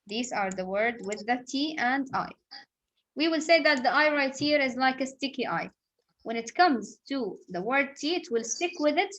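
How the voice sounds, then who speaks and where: A woman's voice: sits high, fairly bright tone, poor audio. Patient woman teaching English sounds. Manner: patient, repetitive explaining with examples. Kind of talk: phonics lesson.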